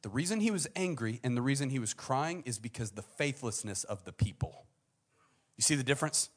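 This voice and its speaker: This young adult preacher is expressive and brisk, giving his sermon like a conversation and voicing the people in the story. He alternates soft, low asides with loud, high-pitched bursts.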